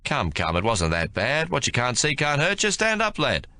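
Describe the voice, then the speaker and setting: A man voicing an army sergeant who gives orders calmly and firmly. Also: medium pitch, moderate pace, voice pushed up, exaggerated voice. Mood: commanding. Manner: calm, firm, barks orders. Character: calm commanding male army sergeant.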